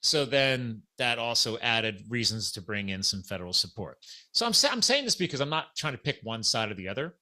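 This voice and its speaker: Animated man telling a story. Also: mid-range voice, brisk. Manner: animated, acts out quoted dialogue. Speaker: podcast host. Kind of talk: casual storytelling chat.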